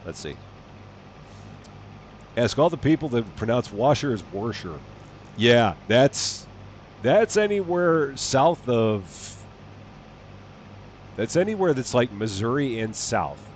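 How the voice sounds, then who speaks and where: A man's voice: mid-range voice, big pitch swings, takes it slowly, long pauses, a little hiss or hum. A man with a chatty, amused manner, chatting casually with his live-stream audience and laughing often. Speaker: game streamer reading chat.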